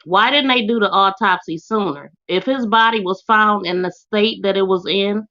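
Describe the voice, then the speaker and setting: A woman's voice: mid-range voice, moderate pace, few pauses, bright, forceful tone, highs cut off. A woman hosting a casual live stream, greeting viewers by name and speaking, indignant and emotional. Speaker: YouTube channel host.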